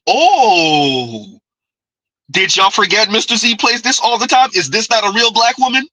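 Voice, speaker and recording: A man's voice: high voice, lively intonation, unhurried, bright, forceful tone, dry recording, poor audio. A man hosting a reaction commentary, needling and rhetorical, often tossing in a teasing "huh?". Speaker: commentary channel host.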